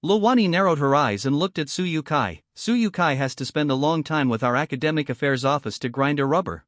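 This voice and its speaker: Male recap narrator, lively pitch. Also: fairly quick, few pauses, dry recording, clean studio sound. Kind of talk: scripted story recap narration.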